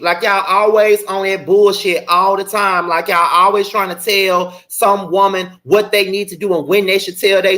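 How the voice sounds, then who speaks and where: A man's voice: high-pitched, pushed and bright. A young man hosting a livestream, ranting bluntly and profanely, repeating his points for emphasis. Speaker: show host.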